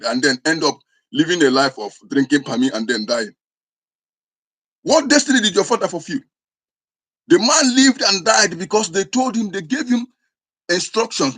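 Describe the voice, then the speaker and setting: Igbo accented guy scolding his listeners, husky, a bit high, keeps restarting words. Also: fairly bright tone. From southeastern Nigeria. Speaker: traditional spiritual teacher. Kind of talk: impassioned preaching to camera.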